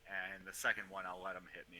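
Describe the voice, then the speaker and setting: A man's voice: low voice, level tone, fast talker, sharp tone, rough recording. A man playing a tabletop game, speaking bluntly and confidently in character. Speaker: player.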